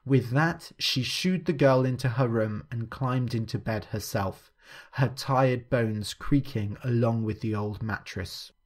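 Guy reading a story out slow and clear for english learners. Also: medium pitch. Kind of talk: scripted narration.

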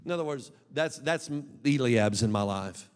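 A man preaching an emphatic, animated sermon as a pastor, with bursts of shouting. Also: mid-range voice, normal speed. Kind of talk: lively sermon. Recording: long reverb of a large hall.

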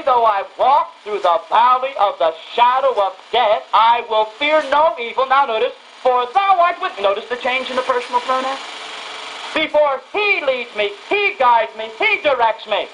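A woman's voice: fairly high pitch, a bit bright, a little hiss or hum, poor audio. A woman preacher giving a radio sermon, reading scripture and driving her points home through emphatic, repeated phrases. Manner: reads scripture aloud and stresses single words.

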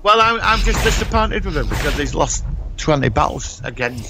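A man's voice: fairly high pitch, very animated, brisk, creaky, noisy background. A man co-hosting a podcast, telling a long, rambling story in casual chat, with swearing and sound effects. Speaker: podcast co-host.

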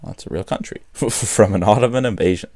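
Young man, let's-play commentary, low voice, chatty, self-deprecating. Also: fairly quick, mellow. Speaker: gaming host.

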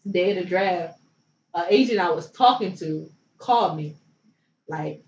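A woman's voice: lowish voice, expressive, normal speed, a little mellow. A young woman from Philadelphia, a former pro basketball player, telling her story as an interview guest in a loose, chatty way full of likes and you knows. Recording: roomy, distant, dull sound with faint noise.

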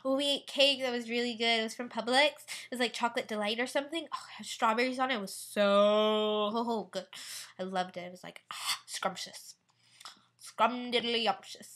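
A woman's voice: on the high side, fairly even intonation, brisk, fairly bright tone. A teenage girl vlogging in a casual, rambling way, bubbly and giggly, with lots of "like" and fillers. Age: teen. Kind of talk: casual rambling vlog chat.

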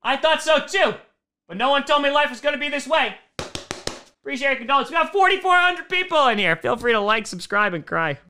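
A man reacting live to a football game in a high, bright and piercing voice. He shouts cheers at the good plays and sinks into groans at the bad ones. He is an excitable fan who swings hard both ways. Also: fairly quick, a little hiss or hum.

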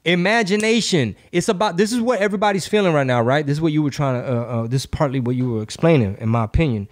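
A man hosting a casual comedy podcast, profane and riffing, slipping into quick impressions. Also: a little high, expressive. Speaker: podcast host.

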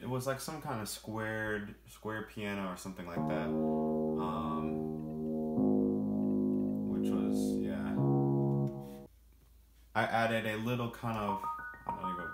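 A man's voice: on the low side, echoey room. A man casually explaining how he produced his song, rambling with lots of fillers. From family roots in Jamaica and Brazil. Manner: relaxed, rambling with many fillers. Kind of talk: casual walkthrough.

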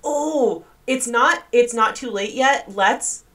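A woman's voice: fairly high pitch, takes it slowly, fairly bright tone. A young woman giving casual gameplay commentary, chatty, gasping and squealing in disgust. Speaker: gaming video creator.

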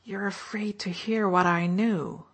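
A woman's voice: mid-range voice, fairly even intonation, a little slow. A woman reading an audiobook, voicing a weak, wounded male officer who snarls and taunts with open hostility. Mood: sneering. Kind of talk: audiobook narration.

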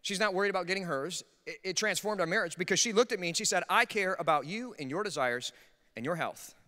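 Quick bright pastor guy joking through his sermon in a church, big reverby hall. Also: sits high, lively intonation. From Minnesota. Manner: humorous, self-deprecating storytelling. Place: church sanctuary.

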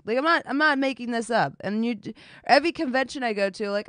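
A woman's voice: fairly high pitch, lively intonation, quick pace, a bit bright, dry recording. A woman streaming, chatting casually with her viewers while doing her makeup, telling a story animatedly and swearing often.

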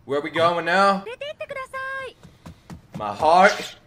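Brief: male anime reactor, higher voice, wildly lively delivery, swears and laughs at the screen. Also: extremely slow, noisy background. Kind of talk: casual reaction commentary. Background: anime soundtrack music playing.

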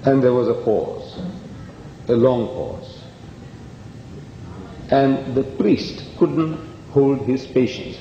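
A man's voice: mid-range voice, takes it slowly, long pauses, dark tone, slight background noise. A man giving a public lecture, telling stories with emphasis and acting out the dialogue. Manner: emphatic storyteller, acts out dialogue. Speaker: lecturer on comparative religion. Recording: echoey hall, dull old recording.

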